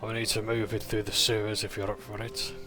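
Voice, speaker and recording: A man voicing a gruff, wary smuggler boss on the docks who speaks in curt, businesslike lines. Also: on the low side, little pitch movement, fairly quick, over music, natural voice.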